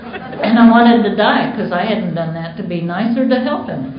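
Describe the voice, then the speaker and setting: American woman, recovery speaker, candid storyteller, mid pitch, echoey dull conference tape. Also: normal speed, a crowd in the background, background noise. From United States. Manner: candid storytelling with acted-out quotes. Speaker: Al-Anon speaker. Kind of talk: recovery meeting share. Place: meeting hall. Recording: roomy dull conference recording.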